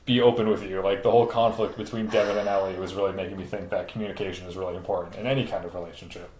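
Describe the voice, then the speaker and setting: A man's voice: low-pitched, steady tone, racing, a little mellow, echoey room, slight background noise. A man co-hosting a podcast, bantering playfully and in mock apology. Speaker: podcast co-host. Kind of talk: casual banter.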